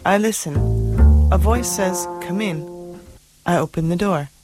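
A woman plays a dreamy young woman who tells her dream in a soft, wondering way. Her voice sits a little low, and clear music plays behind her. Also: measured pace, close to an everyday voice. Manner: wondering, storytelling.

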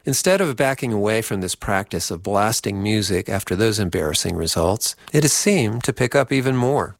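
A man's voice: fairly low pitch, no echo. A man giving a scripted documentary-style narration, with dry, wry asides.

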